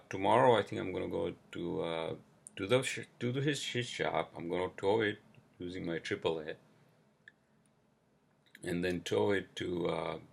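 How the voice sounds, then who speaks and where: A man's voice: low voice, vocal fry. A man hosting a solo podcast, venting in a casual, profane, frustrated rant. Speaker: podcast host.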